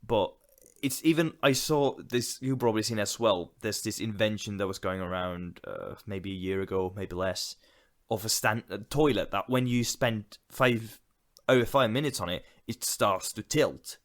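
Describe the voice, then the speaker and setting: A man's voice: on the low side, moderate pace. A man co-hosting a podcast, chatting casually, rambling with lots of fillers and frequent laughs. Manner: laughs often, loose rambling with many fillers. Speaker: podcast co-host. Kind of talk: casual chat.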